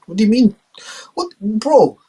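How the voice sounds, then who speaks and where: Man putting on a brash drunk boastful leader, high shrill shouting voice, husky. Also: big pitch swings, a little slow, full character voice. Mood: indignant ranting. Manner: shouting, indignant, slangy.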